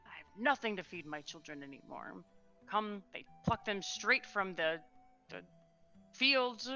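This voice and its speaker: A woman's voice: mid-range voice, lively intonation, pushed and bright, highs cut off, soft background music. A woman playing a pleading fish-folk villager. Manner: pleading, halting.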